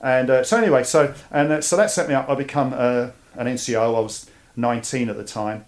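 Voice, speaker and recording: Man, Cockney accent, interview guest, animated storytelling, repeats words. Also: medium pitch, a little fast. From East London, England. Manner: animated, repeats words when starting a thought. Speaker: guest, army veteran.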